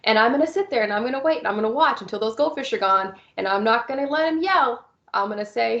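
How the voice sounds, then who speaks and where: A woman's voice: on the high side, expressive, fast talker, fairly bright tone, roomy sound, muffled recording. A woman teaching about young children with visual impairments, explaining step by step in a recorded presentation. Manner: explains step by step, acts out cheerful teacher lines.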